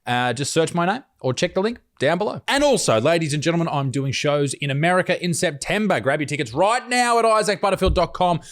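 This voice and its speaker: A man hosting a reaction commentary in a blunt, sarcastic, animated way. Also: a little high, fast talker, hardly any pauses. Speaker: commentary host.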